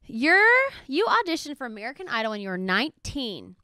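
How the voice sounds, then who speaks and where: A woman from Texas hosting a podcast, asking questions in a lively, giggly, teasing way. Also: a little high, fairly quick, smooth, dry recording. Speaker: podcast host. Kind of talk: casual interview chat.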